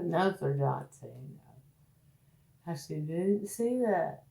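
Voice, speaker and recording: A woman's voice: low-pitched, animated, a little slow, creaky, long pauses. Tipsy woman rambling in an echoey room. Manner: slurred, tipsy and meandering, swearing, drifting between loud outbursts and murmurs. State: tipsy from drinking. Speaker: vlogger. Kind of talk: rambling casual monologue. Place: at home, indoors.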